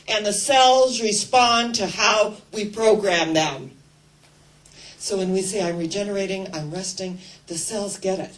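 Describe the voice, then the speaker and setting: An older woman preaching a sermon, telling stories expressively and leading listeners in deep breaths. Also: rough recording. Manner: storytelling, expressive, leads congregation in breathing. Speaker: minister.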